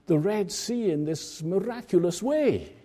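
A man voicing an exuberant young male student who is a joyful new believer, speaking with high, excited exclamations. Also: unhurried. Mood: eager.

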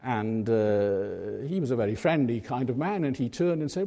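A man preaching a sermon, telling a story in a measured way and stressing key words with emphasis. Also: mid-range voice, creaky, mellow.

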